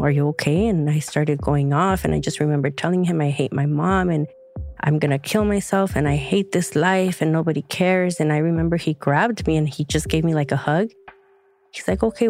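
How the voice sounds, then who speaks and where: A woman's voice: deep voice, darkish tone. A woman, reflecting on her past in an emotional personal story, close to tears at times. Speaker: guest, younger sister.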